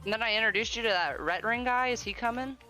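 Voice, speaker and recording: Bright sassy woman gamer. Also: on the high side, fast, soft background music. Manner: sassy, teasing. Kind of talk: casual gaming voice chat.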